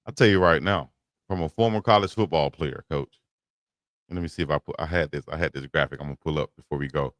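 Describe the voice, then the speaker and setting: A man co-hosting a casual sports talk show, relaxed and slangy, giving shout-outs. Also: rumbling low, fast, no room sound, studio quality. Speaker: co-host.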